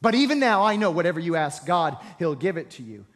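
Male pastor, high pitch, storytelling sermon that climbs to shouting, big reverberant room. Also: big pitch swings, a little fast. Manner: storytelling, voicing the Bible figures, building to shouts. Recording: long hall reverb.

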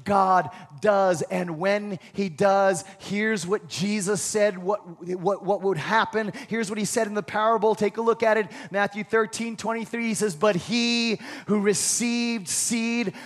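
A man preaching a sermon as pastor, emphatic and repetitive, sometimes dropping to a hushed prayerful voice. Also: high-pitched, fairly even intonation, unhurried, few pauses.

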